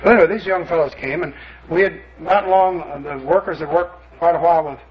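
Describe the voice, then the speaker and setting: A man's voice: on the high side, fairly quick, dull audio, crowd noise. A man, a pastor, telling stories in a folksy, anecdotal sermon. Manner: folksy, anecdotal, lots of "you know". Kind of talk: sermon storytelling.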